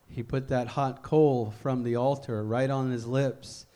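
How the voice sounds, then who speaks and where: A man preaching a sermon, reading scripture slowly and deliberately, then leading a fervent prayer. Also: medium pitch, fairly even intonation, dark tone, clean tone.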